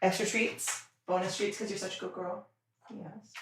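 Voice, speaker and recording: A woman's voice: mid-range voice, little pitch movement, moderate pace, noisy background. A young woman hosting a stream from home, chatting casually and giving playful, coaxing commands to her dog. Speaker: livestream host. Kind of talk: casual chat while training a dog.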